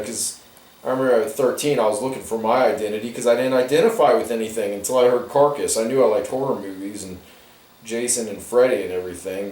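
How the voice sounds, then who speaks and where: A man's voice: fairly low pitch, a little mellow. Rambling man ranting far from the mic. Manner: ranting, many restarts and asides. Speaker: artist talking while coloring a comic. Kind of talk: rambling casual monologue. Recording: roomy echo, distant from the mic.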